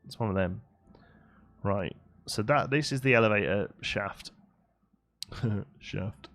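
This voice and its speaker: Casual male streamer, lowish voice, talks through his building and chats with viewers. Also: slow, fairly bright tone. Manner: chatty, reads out chat and answers it. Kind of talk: casual live-stream commentary while building.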